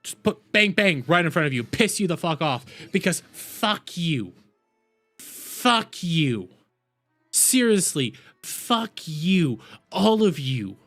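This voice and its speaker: A man from the United States rants angrily on his live stream, his voice sitting fairly high. He swears constantly, raises his voice to a shout, and hammers the same phrases again and again. Quiet music plays faintly behind him. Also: very animated, slow pace. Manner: furious, profane, shouting and repeating himself. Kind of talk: angry live-stream rant.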